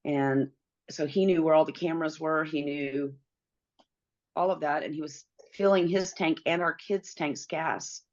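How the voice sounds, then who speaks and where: Low-voiced middle-aged woman telling her story. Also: fairly even intonation, a little slow, lo-fi sound. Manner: earnest, acts out quoted dialogue. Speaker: interview guest. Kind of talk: personal storytelling in an interview.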